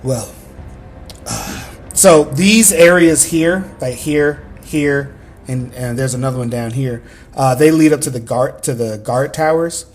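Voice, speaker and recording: A man's voice: mid-range voice, a little slow. A man running a tabletop game as game master, narrating in a rambling way full of fillers.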